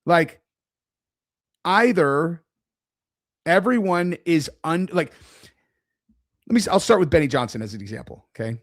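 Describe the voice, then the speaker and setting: A man live-streaming commentary in a rambling, animated, sarcastic way. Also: fairly high pitch, a little slow, pauses often, no room sound, studio quality.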